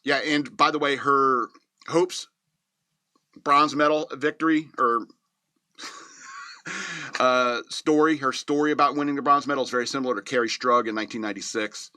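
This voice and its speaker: A man hosting a casual movie review show, rambling and joking, often laughing at his own remarks and slipping into quick mock voices for scenes. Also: mid-range voice, wildly swooping pitch, bright, forceful tone, no room sound. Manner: slips into quick mocking voices to act out scenes. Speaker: movie reviewer, podcast host.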